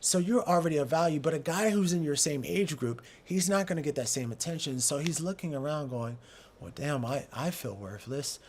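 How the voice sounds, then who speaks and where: A man's voice: fairly high pitch, brisk, hardly any pauses, a little mellow, slight background noise. A man hosting a podcast in casual talk, earnest and stumbling over repeated words as he builds his points. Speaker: podcast host.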